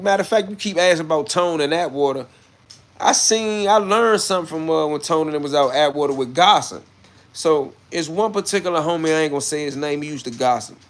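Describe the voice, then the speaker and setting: A man chatting casually on a livestream and answering viewer comments. He is brash and swears, moving between low muttering and loud outbursts. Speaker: livestreamer reading chat comments.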